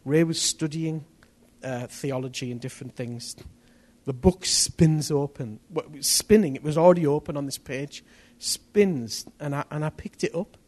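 A man preaching a testimony sermon, telling his story in an animated way that rises to near-shouts at the tense moments. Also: fairly high pitch, moderate pace.

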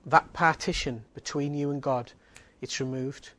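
A man's voice: mid-range voice, steady tone, unhurried, sharp tone. A man giving a sermon, earnest and emphatic, driving points home with repeated phrases. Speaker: preacher.

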